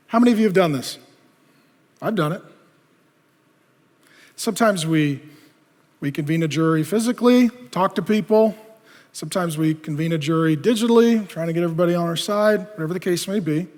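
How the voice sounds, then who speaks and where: A male pastor preaching a sermon in an animated way, asking the audience rhetorical questions. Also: high-pitched, brisk, long pauses, in a large hall.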